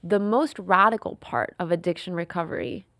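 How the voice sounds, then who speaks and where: A woman in her thirties is talking candidly as a podcast guest, with a gravelly edge to her voice. She tells personal stories earnestly and lets her voice sink to a hush in the tender parts. The recording is dry and close. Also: lowish voice, moderate pace, no room sound. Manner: earnest, emotional storytelling, softening to near whispers. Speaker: guest, film writer and director.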